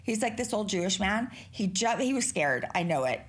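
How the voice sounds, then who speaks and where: This middle-aged woman runs her podcast alone, rambling casually and swearing freely. She speaks at normal speed in a mid-range, sing-song voice.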